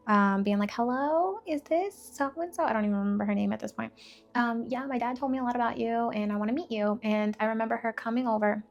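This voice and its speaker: A woman's voice: medium pitch, gravelly. A young woman telling her own life story with candor and emotion, full of fillers and restarts. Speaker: faith vlogger. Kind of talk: personal testimony.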